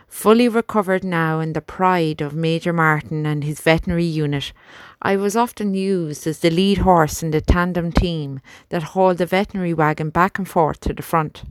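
A woman narrating an audiobook in a measured, expressive storytelling manner, on a close studio mic. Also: on the low side, dry recording. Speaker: audiobook reader. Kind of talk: scripted narration.

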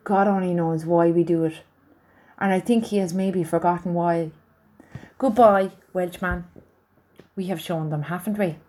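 Woman putting on a tired soldier, slow and careful, soft mellow tone. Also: fairly low pitch, fairly even intonation. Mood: gentle. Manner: slow, careful, formal phrasing. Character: tall weary German soldier man, gentle, thoughtful.

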